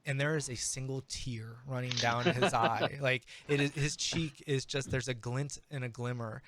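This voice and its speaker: A man narrating a tabletop game as game master, animated and full of restarts. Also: mid-range voice, moderate pace, background noise. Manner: animated, many restarts and fillers.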